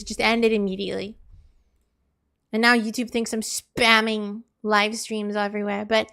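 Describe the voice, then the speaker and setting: A woman's voice: fairly high pitch, steady tone, moderate pace, a bit bright, clear, resonant tone. A woman streaming live, chatting casually and exasperatedly with her viewers in a rambling way. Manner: exasperated, rambling, talks to chat.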